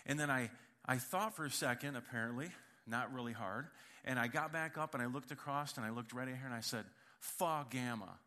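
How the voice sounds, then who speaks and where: Bright-voiced male pastor telling stories. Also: medium pitch, a little fast. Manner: humorous, conversational, addresses congregation directly. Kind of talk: sermon with storytelling. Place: church.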